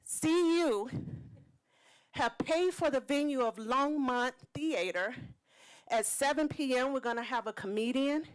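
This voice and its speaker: A woman's voice: high voice, unhurried, clear, resonant tone, poor audio. A woman speaking at a city council meeting, earnest and close to tears as she thanks the council for supporting her community event. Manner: heartfelt, earnest, slightly tearful. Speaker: event organizer speaking at public comment. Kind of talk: emotional public comment speech.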